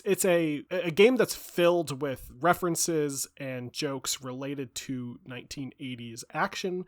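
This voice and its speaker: A man's voice: fairly high pitch, no room sound, clean studio sound. A man co-hosting a casual podcast, talking in a playful, sing-songy way. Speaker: podcast co-host.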